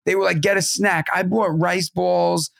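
A man in his thirties co-hosting a podcast, telling animated, profane family stories in casual chat. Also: high voice, normal speed, creaky, no room sound, studio quality. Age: 30s. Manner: animated, swearing, acts out family voices. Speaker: podcast co-host.

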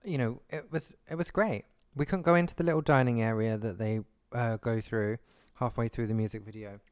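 A man's voice: mid-range voice, brisk, smooth, no room sound, studio quality. A man co-hosting a podcast in casual chat, talkative and laughing easily, often trailing off mid-thought. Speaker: podcast co-host.

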